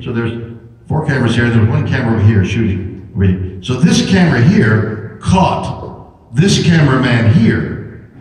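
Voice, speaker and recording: An older man on a convention panel tells an animated, jokey, rambling anecdote to the audience, stumbling through repeated restarts as his pitch swoops widely toward the punchlines. The sound is distant, booming and echoey, as if recorded from the back of a large hall.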